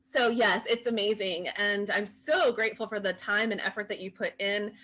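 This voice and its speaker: A woman hosting a live-stream chat who reads out viewer comments and talks in a gushing, enthusiastic way, quick to laugh. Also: mid-range voice, fairly even intonation, sharp tone.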